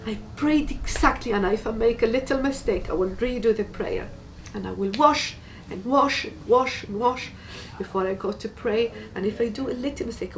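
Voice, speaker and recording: A woman tells her personal testimony in a somewhat high voice. She speaks earnestly and haltingly, and she repeats words for emphasis. The mic sits some way off, with a faint hiss behind her. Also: far from the mic, rough recording. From Tunisia. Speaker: guest giving a faith testimony.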